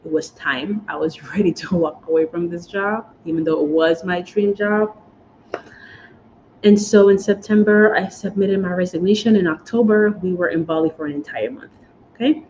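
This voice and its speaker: A woman tells her own story to her viewers, chatty and fighting back tears, and calls them y'all. Her voice sits a little low. The recording sounds slightly muffled, with a faint hiss behind it. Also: moderate pace, a little mellow. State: choked up with emotion. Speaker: vlogger sharing moving-abroad experiences. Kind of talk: emotional personal storytelling.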